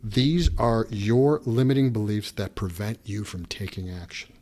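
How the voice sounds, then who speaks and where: A man's voice: lowish voice, a little slow, dark tone. A man hosting a podcast, giving an earnest motivational pep talk and acting out the doubts in a listener's head. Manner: earnest coaching tone, voices inner doubts aloud. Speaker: podcast host.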